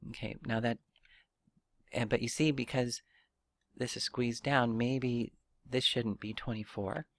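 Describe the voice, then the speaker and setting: A man's voice: medium pitch, fairly even intonation, unhurried, a bit bright, dry recording. A man giving a casual step-by-step 3D modeling tutorial while thinking aloud, with fillers and restarts. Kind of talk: casual screen-recorded software tutorial.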